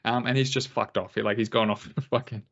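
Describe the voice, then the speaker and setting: A man's voice: medium pitch, steady tone, fast, a bit bright, dull audio. An Australian man co-hosting a casual sports podcast, swearing freely, joking and reading listener comments aloud. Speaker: podcast co-host.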